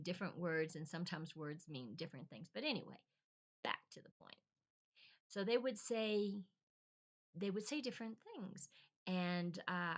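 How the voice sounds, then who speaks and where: A middle-aged woman telling a casual, rambling personal story with many ums and restarts, on a quiet, poor-quality recording. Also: lowish voice. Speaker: vlogger, language encourager. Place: lives in Bolivia.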